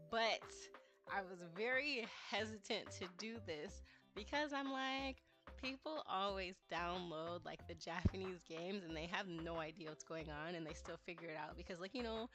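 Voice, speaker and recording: A woman game developer casually walking through her first game, talking in a chatty way full of "like" and "um". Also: on the low side. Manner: chatty, heavy use of "like" and "um". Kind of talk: casual walkthrough talk.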